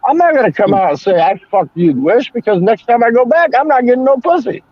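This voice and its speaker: A man's voice: very high voice, big pitch swings, quick pace, dry recording. Older man telling crude stories. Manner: rambling, profane storytelling. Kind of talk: casual chat. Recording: dull lo-fi sound.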